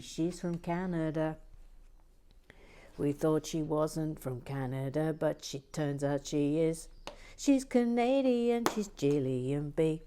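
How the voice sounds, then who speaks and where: A woman hosting a relaxing toy-brick build video, talking gently and often dropping into whispers with playful asides. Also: deep voice, takes it slowly, clean tone. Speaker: Lego build channel host. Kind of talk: soft-spoken relaxing build commentary.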